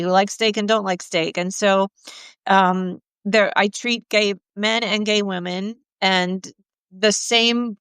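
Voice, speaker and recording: Woman therapist, middle-aged, candid storyteller, smooth clear voice, dry close sound. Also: medium pitch, no echo. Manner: candid, animated storyteller acting out quotes. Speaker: sex therapist. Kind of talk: conversational storytelling.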